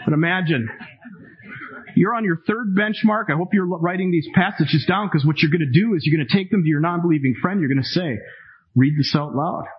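A man in his fifties preaching a sermon to a congregation, emphatic and animated, with dramatic asides. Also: high voice, fast, breathy edge, muffled recording. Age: 50s. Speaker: pastor.

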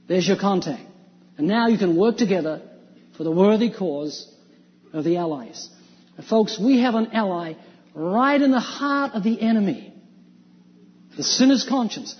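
A man's voice: high-pitched, normal speed, long pauses. A man preaching an evangelistic sermon, emphatic and full of rhetorical questions. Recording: dull lo-fi sound with long hall reverb.

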